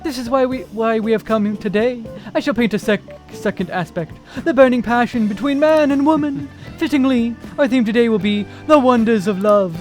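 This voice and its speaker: A man's voice: very high voice, moderate pace, hardly any pauses, soft background music. A man reading a pompous, grandiose young male artist aloud on stream, with theatrical, flowery speech.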